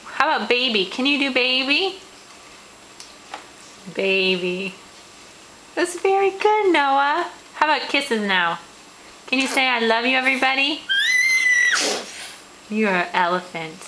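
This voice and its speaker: A mother talking to her toddler in a home video at mealtime, coaxing him slowly and praising him often, recorded on a handheld camera. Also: sits high, lively intonation, background noise. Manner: coaxing, slow and encouraging, with repeated praise.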